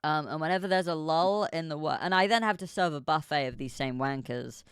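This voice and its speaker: A young adult streamer tells a long story in a loose, rambling way, full of fillers and the odd swear. The voice is smooth and clear at a middle pitch. It sounds dry and close to the mic. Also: brisk, a bit bright, dry recording. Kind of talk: casual chat.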